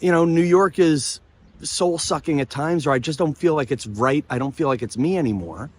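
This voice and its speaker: A man hosting his vlog outdoors near the ocean, telling a story in a rambling, excitable way full of restarts and asides. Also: fairly high pitch, moderate pace, husky. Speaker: comedian and vlog host.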